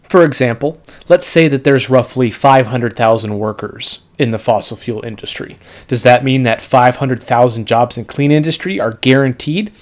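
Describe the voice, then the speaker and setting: A man hosting a casual podcast in a sarcastic, meandering way. He piles up asides and filler words as he talks things through. His pitch sits in the middle for a man. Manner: sarcastic, rambling, many "you know" fillers. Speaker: podcast host. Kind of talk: casual political podcast chat.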